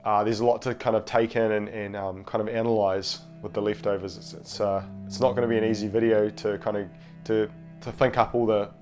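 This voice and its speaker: A man's voice: fairly low pitch, level tone, a little fast, darkish tone, faint music behind. A man hosting a casual film review video, nasal from a cold, talking in a rambling, hesitant way with many fillers. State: has a cold. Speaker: film review channel host.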